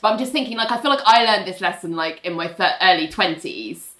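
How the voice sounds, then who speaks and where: A woman in casual conversation, recapping TV scenes in quick summaries and filling her speech with "like". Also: fairly low pitch, animated, pushed and bright, poor audio. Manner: chatty, says "like" often, recounts scenes in quick summaries. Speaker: podcast co-host recapping a TV episode.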